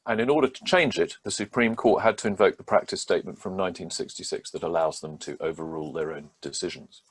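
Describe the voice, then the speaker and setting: A man, a barrister, explaining a court judgment in a measured, methodical way with frequent hesitations. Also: low-pitched. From England. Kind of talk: legal explainer talk.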